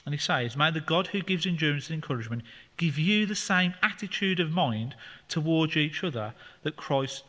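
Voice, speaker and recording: A man's voice: fairly high pitch, pushed and bright. A man leading a Bible study, explaining scripture in a conversational way with fillers. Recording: long hall reverb.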